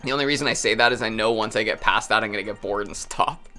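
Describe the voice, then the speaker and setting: A man co-hosting a let's play, rambling in an animated way and laughing often. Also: fairly low pitch, quick pace. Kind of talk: casual gaming chat. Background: faint game music.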